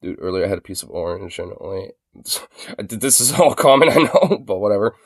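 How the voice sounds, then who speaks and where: A man's voice: fairly low pitch, very animated, a little fast, no room sound, studio quality. A young man streaming from his phone, rambling in casual chat full of filler words and swearing. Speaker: livestreamer.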